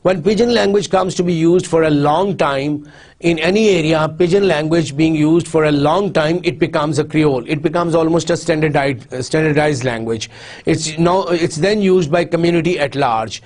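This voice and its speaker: Man giving a halting lecture. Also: a little high, darkish tone. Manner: explains with many repeats and restarts. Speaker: university lecturer. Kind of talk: recorded lecture.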